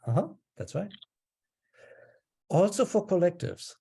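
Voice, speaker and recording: A man teaching an online language class, explaining in a relaxed way with frequent ums and pauses. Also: high voice, vocal fry, breathy edge.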